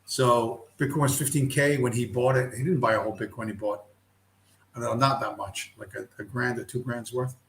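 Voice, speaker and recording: Man, middle-aged, livestream host, blunt, foul-mouthed, mid pitch, roomy echo. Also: steady tone, brisk, fairly bright tone. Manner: blunt, heavily profane, heated. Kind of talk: profane casual rant.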